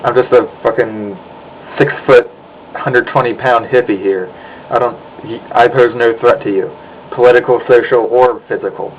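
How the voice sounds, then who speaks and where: A man's voice: mid-range voice, steady tone, moderate pace, lo-fi sound, slight background noise. A young American man in a profane, angry rant to his webcam, sighing and swearing as he complains. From United States. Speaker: vlogger. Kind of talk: ranting monologue.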